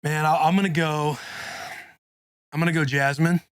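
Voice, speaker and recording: A man's voice: a little high, steady tone, normal speed, fairly bright tone, smooth, no echo, clean studio sound. A man co-hosting a podcast, teasing and prompting the others in casual banter. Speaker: podcast co-host.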